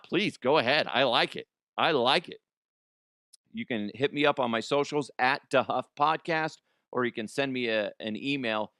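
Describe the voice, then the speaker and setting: A man's voice: mid-range voice, fairly bright tone, clear, resonant tone, no echo, studio quality. Rambling, giggly podcast host man. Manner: rambling, giggly, crude jokes. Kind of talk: comedic news podcast chat.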